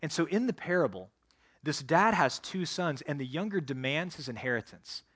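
A man's voice: fairly high pitch, lively intonation, normal speed, a bit bright, breathy edge. A male pastor preaching a sermon, earnestly addressing the congregation directly.

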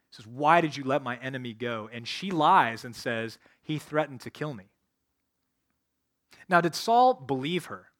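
A man as a pastor preaching a sermon, retelling scripture with lively, conversational asides. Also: medium pitch.

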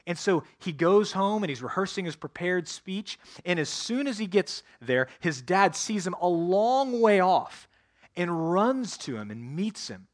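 A man's voice: high-pitched, very animated, measured pace. A male pastor preaching a sermon, earnestly addressing the congregation directly.

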